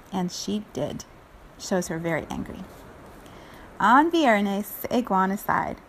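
A woman's voice: mid-range voice, unhurried, a little hiss or hum. A woman reading a children's picture book aloud, laughing often and chatting about the pictures between passages. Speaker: read-aloud storyteller.

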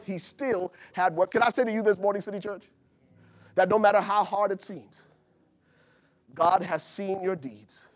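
Man, high voice, pastor preaching, dynamic loud-to-soft delivery, talks to the congregation. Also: fairly even intonation, normal speed, pauses often. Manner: dynamic preaching, swinging between loud urgent peaks and low soft stretches; calls out to the congregation. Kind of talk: sermon. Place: church before a live congregation.

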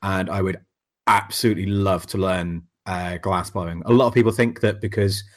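Bloke, low-pitched, easygoing podcast chat with casual swearing. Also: male voice, fairly even intonation, normal speed. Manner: laid-back, swears casually, laughs often. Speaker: podcast co-host, blacksmith.

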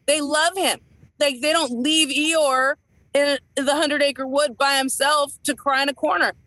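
Bright-voiced chatty woman. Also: a little high, rough recording. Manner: chatty, rambling with many fillers and restarts. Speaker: podcast co-host, entertainer. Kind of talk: casual chat.

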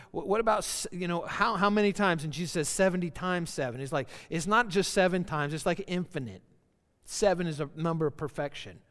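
High-voiced pastor preaching in a reverberant church. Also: male voice, clear, resonant tone. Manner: earnest, repeats phrases for emphasis. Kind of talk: sermon.

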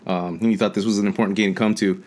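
A man's voice: lowish voice, fairly even intonation, rapid-fire, darkish tone. A man co-hosting a casual podcast, telling stories animatedly and laughing often. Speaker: podcast co-host. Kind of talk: casual storytelling chat.

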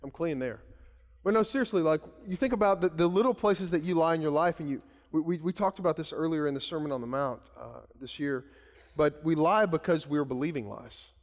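A man's voice: a little high, fairly quick, big-room sound. A male pastor in his thirties, preaching a conversational sermon full of anecdotes and restarts. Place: church sanctuary.

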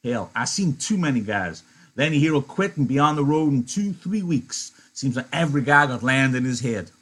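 A man reading a story gives voice to a bitter, scornful stable hand. The voice is husky and blunt, with a level, mid-range pitch. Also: lively intonation, moderate pace, a bit bright.

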